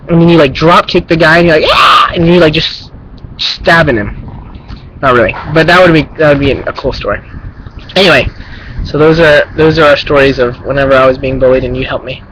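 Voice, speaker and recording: A young man with a slightly high voice tells a rambling story in a casual spoken message. He talks in an animated way, with lots of fillers and sound effects. A faint hiss sits under his voice. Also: poor audio. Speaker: vlogger addressing his twin brother.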